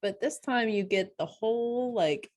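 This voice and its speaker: A woman co-hosting a podcast in casual chat, tired, with a sore throat and a flat, low-key delivery. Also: unhurried. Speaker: podcast co-host.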